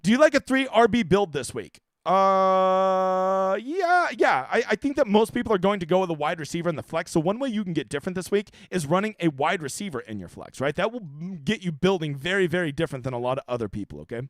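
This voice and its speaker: A man's voice: sits high, sing-song, fairly quick, hardly any pauses, dry recording, studio quality. A man hosting a fantasy sports stream, casually answering chat questions in a loose, profane, joking way with frequent stammers.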